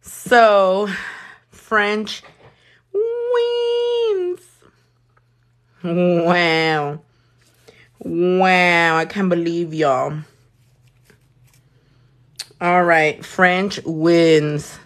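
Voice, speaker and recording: Brassy woman in her thirties, lower pitch, salty livestream banter. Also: steady tone, very slow, pauses often. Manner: sassy, swears a lot, mixes in Spanish. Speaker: nail artist livestreaming. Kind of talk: casual livestream chat while working.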